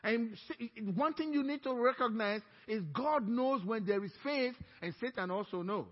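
A man's voice: very high voice, moderate pace, in a large hall, dull audio. A man preaching as a pastor, with emphatic delivery that draws the congregation in to repeat lines after him. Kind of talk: sermon. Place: church sanctuary.

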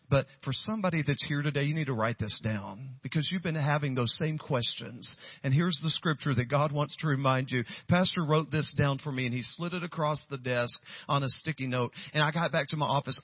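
A pastor, preaching a storytelling sermon that swells to loud, high peaks. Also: male voice, husky, no room sound, dull audio. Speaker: guest pastor.

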